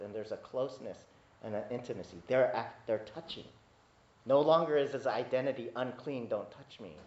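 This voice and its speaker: Conversational pastor preaching in an echoey hall. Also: male voice, slight background noise. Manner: conversational teaching with frequent asides and restarts; animated, rising pitch when emphatic. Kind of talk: sermon. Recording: echoey hall, dull lo-fi sound.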